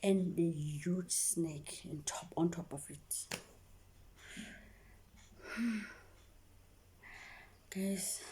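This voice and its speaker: Slow hushed woman. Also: on the low side, slight background noise. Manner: hushed, often dropping to a whisper; repetitive, keeps addressing viewers. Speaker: vlogger. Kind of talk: emotional storytime.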